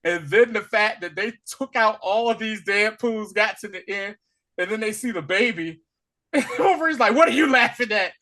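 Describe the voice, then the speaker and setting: On a casual movie review podcast, a male co-host with a high voice talks at normal speed. He's animated, laughs a lot, and acts out lines from scenes.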